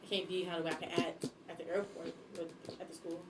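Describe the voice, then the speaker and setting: A young woman chatting casually on a podcast about her jobs, blunt and animated, sometimes acting out how she scolds people. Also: lowish voice, fairly quick, roomy sound, distant mic, very noisy. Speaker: guest, substitute teacher and airport worker.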